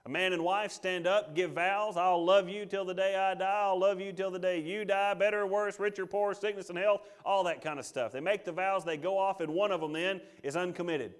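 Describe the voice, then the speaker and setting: A male pastor delivers an emphatic sermon in a slightly high voice, swinging from loud declarations to hushed asides. He reads scripture aloud and voices God's lines as quotes. His intonation is fairly even, and he talks fairly quickly with few pauses.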